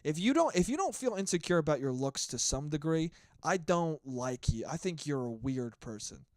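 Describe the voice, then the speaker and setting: A man in his twenties runs his own podcast, and this casual solo monologue is an animated, cursing, meandering rant. His voice is on the high side at a moderate pace, in a dry, studio-quality recording.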